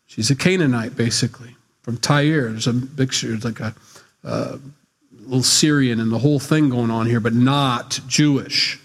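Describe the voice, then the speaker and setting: A pastor preaches a sermon, reading scripture and then unpacking it in a blunt, conversational, teasing style. His voice is mid-range and he speaks at a normal speed.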